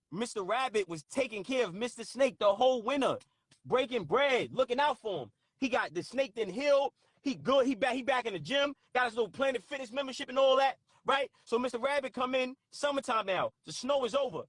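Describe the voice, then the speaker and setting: A man hosting a talk stream with callers, speaking in a profane, forceful, preachy way. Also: extremely high pitch, expressive, moderate pace, dry recording, studio quality. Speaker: host.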